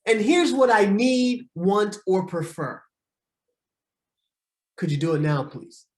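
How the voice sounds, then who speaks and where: A man, a relationship counselor, teaching a group session and repeating key points slowly with frequent "right?" checks. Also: high voice, lively intonation, a little mellow. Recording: roomy echo.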